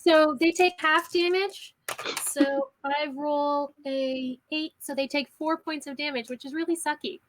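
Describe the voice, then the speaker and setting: A woman's voice: high voice, steady tone, unhurried, fairly bright tone. A woman playing a tabletop game who chats along and often sounds unsure, checking the rules as she goes. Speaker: player.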